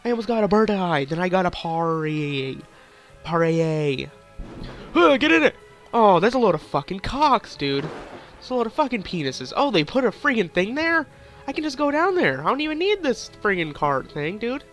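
A man's voice: sits high, sing-song, moderate pace, fairly bright tone, soft background music. Crude, goofy young gaming commentator man. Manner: silly, crude, rambling jokes. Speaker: gaming YouTuber.

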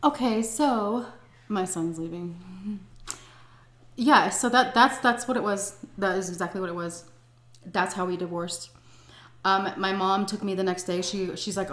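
Eating on camera indoors at home, a middle-aged woman vlogs a personal story in a blunt, profane, casual and vivid way. She has a medium-pitched voice at a moderate pace, and the sound is roomy.

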